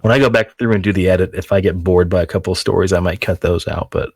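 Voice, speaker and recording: Man, podcast host, casual crude joking chat, lowish voice, dry close sound. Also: fairly even intonation, fast talker, gravelly, slightly rough, no room sound.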